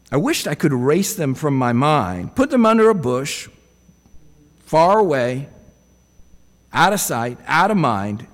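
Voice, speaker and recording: A man's voice: mid-range voice, in a large hall. A man preaching a sermon in a reflective way, often putting rhetorical questions to his listeners.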